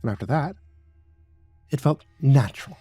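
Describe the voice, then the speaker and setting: A man's voice: medium pitch, animated, moderate pace, husky, no room sound, soft background music. Sly, purring cult matriarch, as a male narrator puts her on, dry close sound. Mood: musing. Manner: purring, soft and murmuring.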